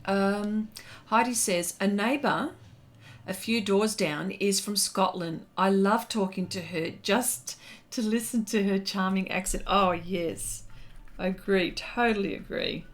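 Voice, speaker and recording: A woman's voice: medium pitch, slow pace. An Australian woman hosting a casual art livestream, chatting and reading viewer comments aloud with lots of fillers and laughter.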